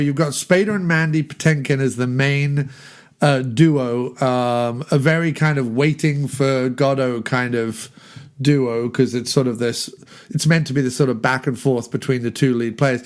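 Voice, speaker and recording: A man's voice: medium pitch, moderate pace. A man chatting casually about a film, digressive and laughing at his own jokes. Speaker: podcast film discussion guest.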